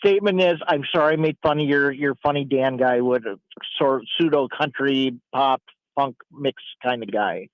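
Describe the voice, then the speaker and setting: A man's voice: medium pitch, moderate pace, no room sound. A man who is a Navy veteran, calling in to a show and telling a long, rambling story with many restarts. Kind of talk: casual chat. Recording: tinny phone line.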